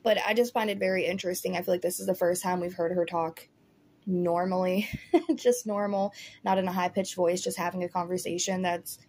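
A woman's voice: on the low side, fairly even intonation, fairly quick, darkish tone, slight background noise. Chatty woman rambling through commentary. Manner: chatty, rambling, lots of "like" and "you know". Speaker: commentary host. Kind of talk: casual commentary vlog.

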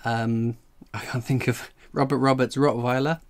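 A man's voice: mid-range voice, little pitch movement, moderate pace. A man hosting a casual coin-collecting livestream. He reads chat messages aloud and rambles in a jokey way, jittery from strong coffee. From England.

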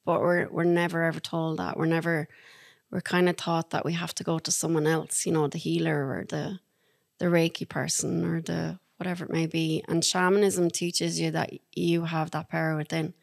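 A woman's voice: sits low, moderate pace, creaky, dry recording, clean studio sound. Chatty Irish woman telling stories. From Ireland. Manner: chatty and animated, laughing through anecdotes. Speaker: podcast guest. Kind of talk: casual storytelling.

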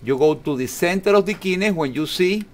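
A man giving a calm, step-by-step ultrasound demonstration in an exam room, with non-native English phrasing. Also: sits high, a little fast. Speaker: ultrasound instructor.

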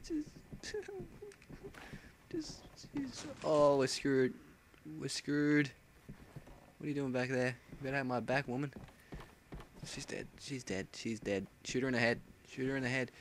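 A man's voice: fairly high pitch, unhurried, slight background noise. A man commentating a horror game playthrough, jumpy and panicky, swearing and exclaiming often. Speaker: gameplay commentator. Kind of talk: let's play commentary.

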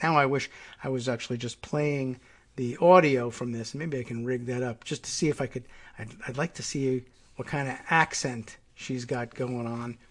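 A man hosting a talk show, reading an article aloud and breaking off into muttered, chatty asides. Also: medium pitch. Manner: chatty, muttering asides while working the computer.

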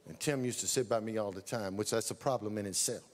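A man preaching a sermon as pastor, telling a lively story, building up to shouts. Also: fairly low pitch, quick pace, big-room sound, slight background noise.

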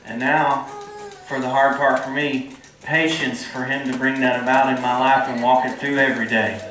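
A man's voice: medium pitch, level tone, normal speed, a bit bright. A man preaching a sermon in a folksy, earnest way and drawing responses from the congregation. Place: church hall. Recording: echoey hall from far off.

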